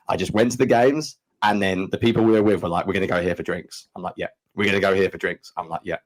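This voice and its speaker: A man in his thirties with a London English accent, co-hosting a podcast and telling stories in a fast, animated way. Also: deep voice. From England. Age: 30s. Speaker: podcast co-host. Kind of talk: casual chat.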